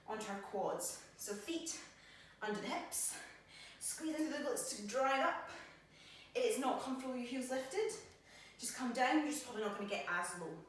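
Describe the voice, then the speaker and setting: A woman's voice: fairly high pitch, slight background noise. A woman personal trainer leading a workout, counting reps and cueing moves while she exercises, a little out of breath. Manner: encouraging, counts reps aloud. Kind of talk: workout instruction while demonstrating. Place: gym. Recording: very echoey gym from far off.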